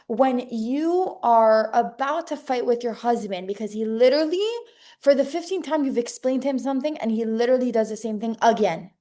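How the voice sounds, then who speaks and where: A young woman with a fairly high voice teaches a casual religious class. She is emphatic and animated, and she keeps looping back with "okay?" and repeated phrases. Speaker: Torah teacher giving a class to women.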